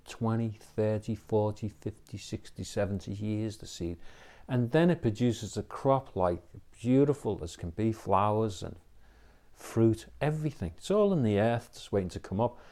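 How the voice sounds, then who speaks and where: A man's voice: fairly low pitch, darkish tone. A man giving an inspirational talk, telling a personal story in an earnest, reflective way, often adding "you know" and "okay?". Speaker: inspirational speaker.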